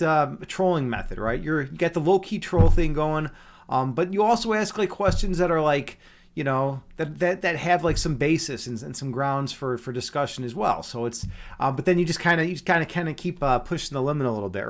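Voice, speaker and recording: Man, stream host, casual teasing chat, fairly high voice, lively intonation, lots of fillers. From Chicago. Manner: joking, teasing, many restarts and fillers. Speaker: livestream host.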